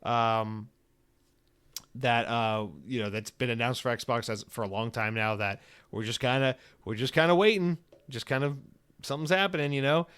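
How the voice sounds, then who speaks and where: A man's voice: medium pitch, normal speed, fairly bright tone, clear, resonant tone. A young man hosting a solo gaming podcast, rambling and sarcastic, swearing often and acting out quoted voices mid-rant. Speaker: podcast host.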